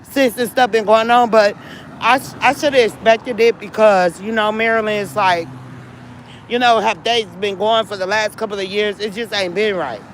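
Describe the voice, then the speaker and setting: A vlogger tells her viewers a long personal story, venting casually while upset and worn down, often repeating herself and addressing them directly. Her mid-range voice is steady at a moderate pace, in a rough recording with slight background noise.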